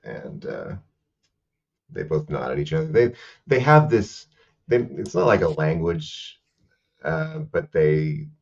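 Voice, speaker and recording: A man narrating a tabletop game as game master, halting with many fillers. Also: low-pitched, big pitch swings, creaky, darkish tone, lo-fi sound.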